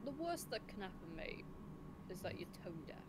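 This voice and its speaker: A woman's voice: medium pitch, big pitch swings, normal speed. A woman playing a tabletop game, bantering playfully and laughing often. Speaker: player. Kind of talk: casual tabletop game chat. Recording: noisy home recording.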